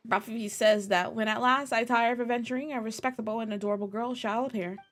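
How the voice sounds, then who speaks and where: A woman's voice: fairly high pitch, fairly even intonation, fast, fairly bright tone, faint music behind, natural voice. A woman voicing a gallant, wistful old male cat swashbuckler, reading game dialogue aloud in formal storybook phrasing.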